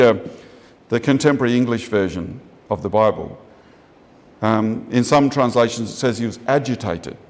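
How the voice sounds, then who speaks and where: A man with an Australian accent preaching a sermon in a conversational way, jumping up in pitch for emphasis and often restarting his sentences. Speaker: pastor. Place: church. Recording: long church reverb.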